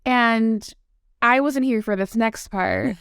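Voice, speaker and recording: Chatty higher-voiced woman storytelling. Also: slow, vocal fry, fairly bright tone, clear, resonant tone, no room sound, clean studio sound. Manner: chatty, lots of likes and quoted dialogue. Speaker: podcast guest. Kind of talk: casual storytelling conversation.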